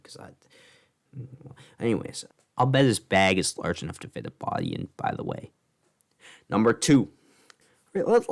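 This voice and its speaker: A man doing a comedic monologue as a vlogger, sarcastic and swearing, with rants that climb into mock outrage. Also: on the low side.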